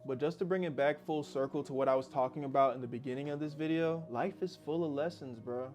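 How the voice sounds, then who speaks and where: A man's voice: fairly high pitch, quick pace, darkish tone, faint music behind. A young man narrating a personal story in a candid, slangy, reflective way. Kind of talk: casual storytelling.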